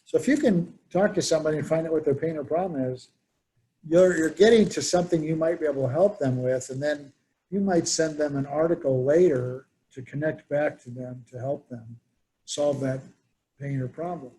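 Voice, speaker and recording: A man's voice: on the high side, moderate pace, dark tone. A man presenting a workshop, telling anecdotes and acting out the people he quotes. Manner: storytelling, acts out quoted voices. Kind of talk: conversational workshop talk.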